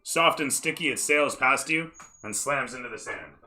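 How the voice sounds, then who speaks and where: A man's voice: mid-range voice, normal speed, pushed and bright, low-quality recording. A man running a tabletop role-playing game as dungeon master, narrating scenes like camera shots and dropping into casual, swearing asides.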